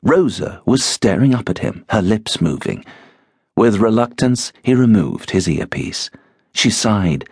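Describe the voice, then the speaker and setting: A man narrating an audiobook in an expressive, measured storytelling manner. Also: lowish voice, slightly rough, no room sound, clean studio sound. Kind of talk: scripted narration.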